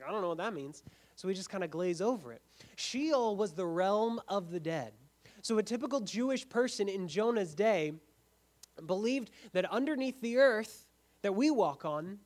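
A man with a notably high voice delivers a sermon. He swells into strong, emphatic lines and then drops almost to a hush to land his point. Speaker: pastor.

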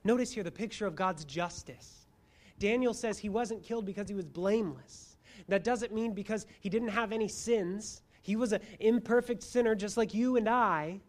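A preacher giving a sermon, moving between quiet asides and loud emphasis and asking the listeners rhetorical questions. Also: medium pitch, moderate pace. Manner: addresses listeners as friends, asks rhetorical questions.

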